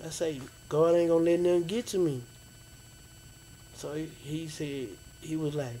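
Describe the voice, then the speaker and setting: A man's voice: on the high side, normal speed, a little hiss or hum, poor audio. Slangy man with a twang. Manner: relaxed, rambling retelling with slang like "fam" and "bro". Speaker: interviewee, friend of the late DJ. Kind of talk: casual storytelling interview.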